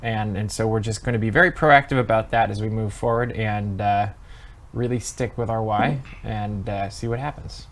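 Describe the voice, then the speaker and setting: A man's voice: fairly low pitch, fairly even intonation, normal speed. A man hosting a podcast, upbeat and steering the casual conversation. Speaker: podcast host. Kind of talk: casual chat. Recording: faint background noise.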